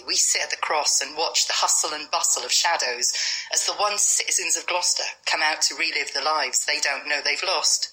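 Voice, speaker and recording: A woman plays a wry, bitter rough sleeper who talks to her dog in blunt street slang, swearing freely. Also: deep voice, sharp tone, rough recording. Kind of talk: dramatic monologue.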